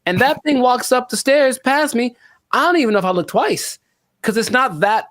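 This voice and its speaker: A man co-hosting a casual reaction show, animated, exclaiming and stretching out his words. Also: extremely high pitch, normal speed, no echo. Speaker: co-host.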